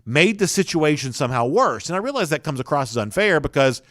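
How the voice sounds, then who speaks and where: A man's voice: on the high side, big pitch swings, a little fast, fairly bright tone, no echo, studio quality. A man with a Southern American accent hosting a live sports talk show, chatty and opinionated, often restarting his sentences.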